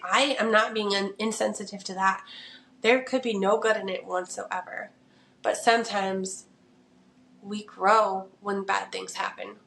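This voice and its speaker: A woman's voice: mid-range voice, creaky, a bit bright, a little hiss or hum. A young adult woman hosting a podcast, talking earnestly and casually about faith and mindset, with lots of "like" and "right.". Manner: chatty, earnest, full of "like" and "right". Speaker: podcast host. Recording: echoey room.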